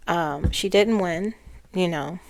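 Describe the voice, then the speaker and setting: A woman's voice: on the low side, takes it slowly. A woman psychic talking casually about a spirit she channeled, rambling and often restarting her phrases.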